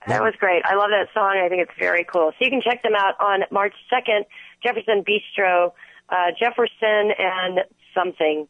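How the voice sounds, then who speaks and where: A woman's voice: mid-range voice, moderate pace, dry recording. A woman phones in to a radio show and talks about upcoming gigs, sounding upbeat and enthusiastic. Her voice comes through a thin, phone-like line. It sounds dry and close. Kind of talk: casual radio chat.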